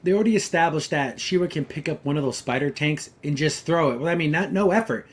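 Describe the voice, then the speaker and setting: A husky, fast-talking man with a slightly high voice hosts a podcast where he casually rambles about a cartoon episode. He hedges a lot with "kinda" and "like" while picking it apart wryly.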